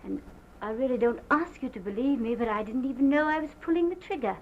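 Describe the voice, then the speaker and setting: A halting, distraught witness. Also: female voice, sits high, slight background noise. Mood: strained. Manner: halting, hesitant, breaks off. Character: distraught woman recounting a violent night. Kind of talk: early sound-film acting. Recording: muffled early sound-film recording.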